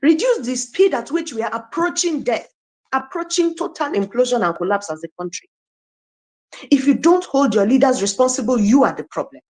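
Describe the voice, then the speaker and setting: A woman's voice: high voice, lively intonation, normal speed, a little mellow. A woman giving an emotional, preachy speech full of rhetorical questions in an online audio chat room. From Nigeria. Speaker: guest speaker.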